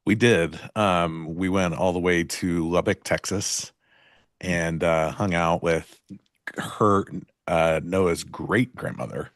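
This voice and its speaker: A soft-spoken man co-hosting a trading show chats quietly and without fuss. His voice is very deep, and it is recorded dry, close to the mic. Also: fairly even intonation, slow pace, dry recording. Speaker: trader, show co-host. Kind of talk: casual chat.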